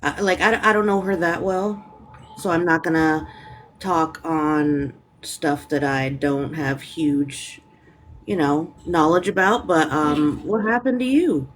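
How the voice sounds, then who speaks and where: A guest joining a livestream call, speaking hesitantly and gently with many fillers. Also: mid-range voice, takes it slowly, a little hiss or hum. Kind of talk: casual chat.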